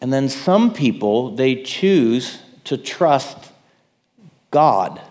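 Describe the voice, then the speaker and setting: A man's voice: mid-range voice, very animated, very slow, darkish tone, big-room sound. A man preaching a sermon in a conversational way, checking in with his listeners. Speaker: pastor.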